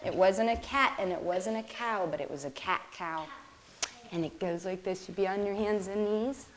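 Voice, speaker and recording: A woman leading a children's yoga class in a studio, gentle and encouraging. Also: mid-range voice, normal speed. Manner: gentle, encouraging, playful with animal sounds.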